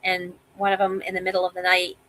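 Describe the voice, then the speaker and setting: A woman in her fifties telling sailing stories as a guest over a video call, animated and vivid. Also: lowish voice, quick pace, low-quality recording. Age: 50s. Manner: animated storyteller, acts out quoted voices. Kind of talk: casual interview storytelling.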